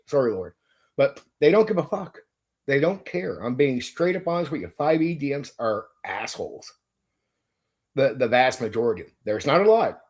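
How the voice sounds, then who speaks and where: A middle-aged man, host of a tabletop game channel, ranting in blunt, profane casual talk and repeating himself. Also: medium pitch. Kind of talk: casual opinion rant to a viewer.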